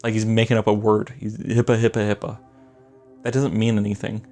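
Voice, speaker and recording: A young man with a somewhat low voice rambles through an album review, casual and eager. He piles on filler words as he goes. Faint music plays in the background. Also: monotone, a little fast, warm tone.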